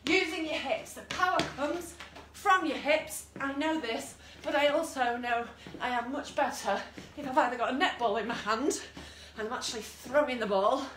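Bright, high-voiced woman fitness instructor. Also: moderate pace, hardly any pauses. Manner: encouraging cues and countdowns with asides. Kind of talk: online exercise class instruction. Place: room at home, with a dog nearby. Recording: echoey room, voice from a distance, faint noise.

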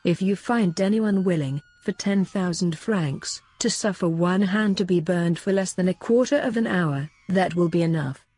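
A woman reading the part of a shrewd male confessor priest, explaining in a measured way. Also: on the low side, a little mellow, dry recording, close to an everyday voice.

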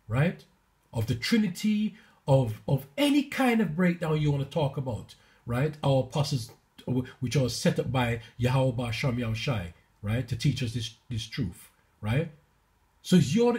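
A man's voice: on the high side, a little mellow. A man teaching from scripture in response to a played clip, emphatic and constantly checking in with "right?" and "okay?". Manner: reads verses aloud slowly, then argues back. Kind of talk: preaching commentary on a played video.

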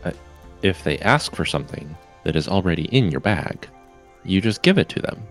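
A man with a low voice chats while playing a game with friends, tossing out dry complaints. His intonation rises and falls a lot despite the deep tone. Faint music sits underneath. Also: sing-song, moderate pace. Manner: dry, grumbling remarks about the game. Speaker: co-player on a game stream. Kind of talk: casual game chat.

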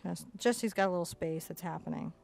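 A woman's voice: on the low side, fast, gravelly, a little mellow, soft background music. A woman teaching a casual step-by-step acrylic painting lesson in a chatty, playful way, narrating her brushwork as she goes. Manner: chatty, playful, talks to herself while painting.

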